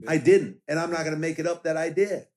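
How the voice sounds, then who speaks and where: A man's voice: on the high side, steady tone, fast, darkish tone. A middle-aged man, a former law enforcement officer running for office, talking in a casual interview in a direct, emphatic way and telling anecdotes. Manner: emphatic, direct, tells anecdotes with quoted voices.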